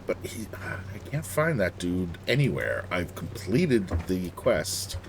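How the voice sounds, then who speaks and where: A man's voice: low voice, sing-song, slow, creaky, background noise. A man streaming a computer game, chatting casually and thinking aloud.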